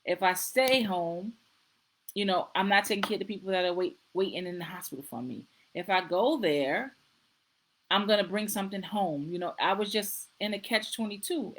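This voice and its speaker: A woman's voice: medium pitch, moderate pace, a bit bright, rough recording. A middle-aged woman, a nurse practitioner, hosting a casual live-stream talk, earnest and repeating herself as she goes. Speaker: host.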